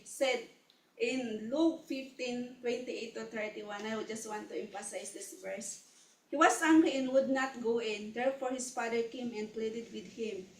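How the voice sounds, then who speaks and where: Woman preacher, fairly high voice, earnest and halting. Heard from off mic in a roomy hall. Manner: earnest, halting, repeats words while preaching. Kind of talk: sermon. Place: church hall. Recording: echoey hall, mic from a distance.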